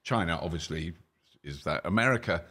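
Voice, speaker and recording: A man's voice: deep voice, lively intonation, moderate pace, a bit bright. A man hosting a casual kitchen-table chat, musing and thinking aloud as he talks. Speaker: host.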